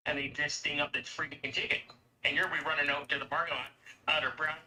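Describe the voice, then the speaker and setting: A man's voice: a little high, fairly quick, sharp tone, slight background noise, poor audio. A man from Canada chatting casually, rambling and swearing as he rants about everyday costs. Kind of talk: casual chat.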